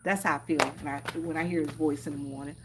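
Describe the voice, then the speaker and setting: A woman's voice: deep voice, steady tone, fast talker, very noisy. A woman chatting casually to her viewers on a phone stream from the countryside, repeating herself and calling out "y'all" again and again. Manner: chatty, repetitive, keeps addressing viewers as y'all. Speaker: vlogger. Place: outdoors in the countryside near horses.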